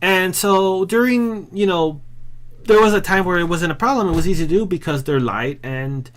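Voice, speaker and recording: Rambling, self-deprecating man, slightly high voice. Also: normal speed. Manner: rambling, self-deprecating, restarts sentences often. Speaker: vlogger. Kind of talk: casual rambling vlog monologue.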